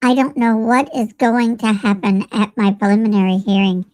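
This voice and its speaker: A woman reading a letter aloud in a put-on voice, playing a nervous jailed young woman with a high, drawn-out, pleading delivery. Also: little pitch movement, darkish tone, no echo, close to an everyday voice. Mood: anxious.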